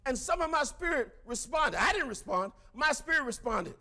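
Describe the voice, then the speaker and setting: Fiery, high-pitched male motivational speaker. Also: sing-song, brisk. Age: middle-aged. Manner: fiery, preacherly, bursts into shouts. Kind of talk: motivational speech to a crowd.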